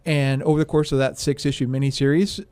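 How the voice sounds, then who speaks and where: Mellow dude co-hosting, walks through comic backstory, dry room. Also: male voice, mid-range voice, level tone, quick pace, no room sound. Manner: explains comic backstory in detail. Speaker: podcast co-host. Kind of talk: casual chat.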